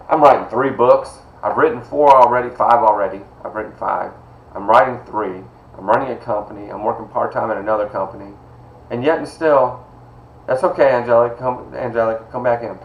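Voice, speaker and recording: In poor, reverberant audio, a middle-aged instructor holds an online college class from home over video call. He speaks at a medium pitch, welcoming students by name and keeping his tone personal and supportive.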